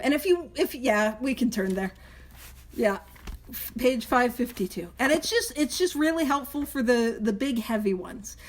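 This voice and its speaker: Animated woman leading a study group. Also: fairly high pitch. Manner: animated, laughs at herself, speaks prayers slowly and softly. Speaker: Big Book study leader. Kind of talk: group recovery study talk.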